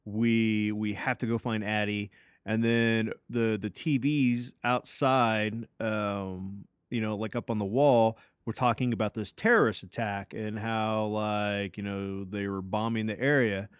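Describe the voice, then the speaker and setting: Smooth-voiced man telling a story. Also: on the low side, steady tone, measured pace, hardly any pauses, no echo, studio quality. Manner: loose and profane, full of fillers and restarts. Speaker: podcast co-host. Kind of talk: casual storytelling.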